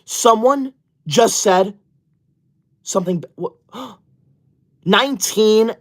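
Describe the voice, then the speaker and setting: In a comedy sketch livestream, a performer plays a self-righteous young livestreamer who loves school. Speaking very slowly in a mid-range voice into a close mic, the character scolds the chat with indignant, sudden shouted outbursts.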